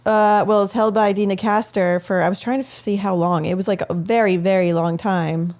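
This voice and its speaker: A woman's voice: mid-range voice, steady tone, a little fast, darkish tone. A woman co-hosting a podcast, sharing news in an upbeat, matter-of-fact way. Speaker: podcast co-host. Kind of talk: casual chat.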